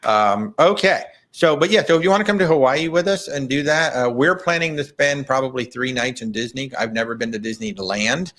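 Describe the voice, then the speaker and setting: A man's voice: medium pitch, a little fast, hardly any pauses, a bit bright. A middle-aged man hosting a live travel Q&A in a chatty, rambling way with frequent restarts. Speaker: travel agent show host. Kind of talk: live Q&A chat.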